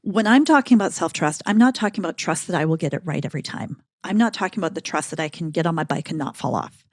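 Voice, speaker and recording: A middle-aged woman talking as a podcast guest, telling a story with emphatic, animated energy. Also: low voice, fast talker, no echo, studio quality. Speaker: podcast guest, keynote speaker. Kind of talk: casual conversational interview.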